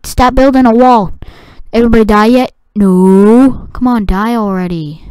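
Woman gamer commentating, excitable, high voice, slow and smooth, dry close sound. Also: no room sound. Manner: excitable, shouts and squeals at the game. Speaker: gaming video creator.

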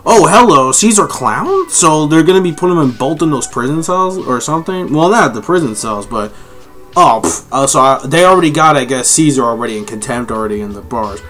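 A man reviewing a comic chapter live, reading panels aloud and reacting excitedly with lots of swearing. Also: a little high, brisk, soft background music. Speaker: manga reviewer.

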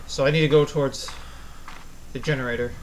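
A man commentating a horror game as he plays, easily spooked, swearing and yelling at the monster. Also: mid-range voice, steady tone, fairly quick, slight background noise, low-quality recording. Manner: jumpy, swears a lot, yells at the monster. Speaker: gaming channel host.

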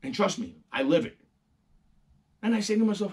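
A middle-aged man, hosting a casual, profane and animated monologue. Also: sits high, moderate pace, husky. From New York. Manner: animated, profane storytelling, acting out quoted voices. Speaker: host.

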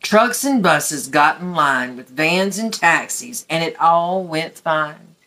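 A woman reading a picture book aloud at story time, gently and expressively for young children. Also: sits low, lively intonation, slow.

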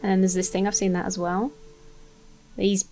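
A woman's voice: medium pitch, flat delivery, warm tone, soft background music. A woman giving sarcastic, swear-filled commentary while playing a video game. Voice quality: sarcastic, swears, quick to laugh. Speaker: let's play commentator. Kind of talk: gameplay commentary.

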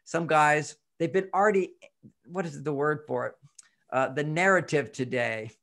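Higher-voiced man explaining with lively quotes. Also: moderate pace, creaky. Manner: animated, acts out quoted voices, chuckles often. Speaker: relationship author and expert guest. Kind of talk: casual interview talk.

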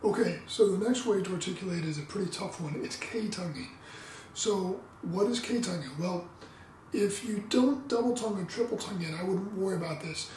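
Guy explaining trumpet drills, relaxed, sings the syllables, echoey room. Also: sits high, brisk. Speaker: trumpet teacher. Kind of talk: instructional demo talk. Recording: roomy, distant mic, faint background noise.

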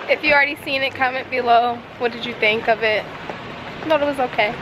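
A woman's voice: on the high side, normal speed, lo-fi sound, background noise. A woman chatting casually and laughing through a family vlog. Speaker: family vlogger.

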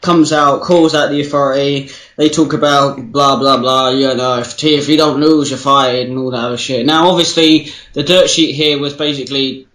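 A man's voice: medium pitch, fairly even intonation, normal speed, fairly bright tone. British man, echoey casual podcast chat. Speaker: podcast co-host. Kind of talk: casual chat, swearing and joking. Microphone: Skype call. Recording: roomy echoey Skype recording.

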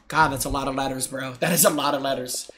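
A young man streaming a game live, chatting loudly and excitably with viewers, often breaking into shouts and laughs. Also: medium pitch, fairly quick, slight background noise. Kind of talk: live gaming stream chat.

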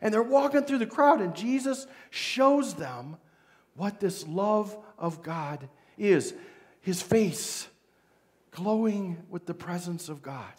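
Man, midwestern accent, pastor's sermon, high voice, unhurried delivery, dramatic storytelling. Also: expressive. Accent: Midwestern American. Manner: dramatic retelling, voicing figures in the story.

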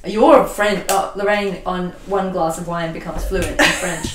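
A woman with a slightly low voice teases her friends in casual chat and laughs readily. She sits back from the mic, and her voice has a faint hiss under it. The room is echoey. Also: fairly even intonation, far from the mic. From Australia. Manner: teasing, quick to laugh. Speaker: co-host.

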